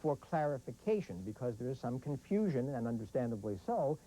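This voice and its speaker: A male news correspondent with a mellow, rounded tone reports live, slowly stressing his caveats and recapping. Archival broadcast sound. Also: mid-range voice, sing-song, low-quality recording. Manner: careful, repeating and stressing points.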